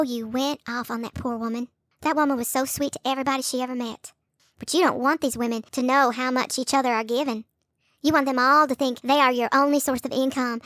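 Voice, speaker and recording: A woman scolding two people in a sarcastic call-out rant, now and then mocking them in a high put-on voice. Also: a bit bright, dry recording, clean studio sound. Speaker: YouTube commentator.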